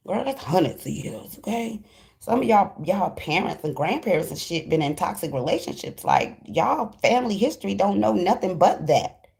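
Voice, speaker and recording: A woman's voice: fairly low pitch, vocal fry, darkish tone, slight background noise. Blunt, profane woman reading tarot. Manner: blunt, profane, emphatic direct address to viewers; slangy and fast-flowing, acts out quoted voices. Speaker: tarot reader. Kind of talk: casual tarot reading vlog.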